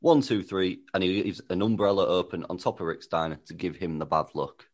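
A man's voice: sits low, brisk, darkish tone. A man co-hosting a podcast, recapping a storyline in a plain, matter-of-fact way. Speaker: podcast co-host. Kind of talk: casual chat, recapping a storyline.

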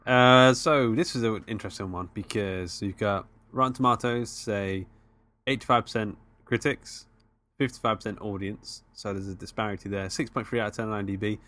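Lower-voiced man teasing a co-host. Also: steady tone, brisk, fairly bright tone. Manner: teasing, laid-back. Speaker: podcast co-host. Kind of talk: casual chat.

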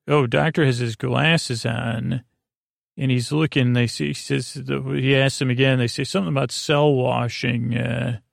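Flat, gravelly man rambling a sleepy recap. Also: mid-range voice, no room sound, studio quality. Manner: halting, with frequent filler pauses. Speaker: podcast host.

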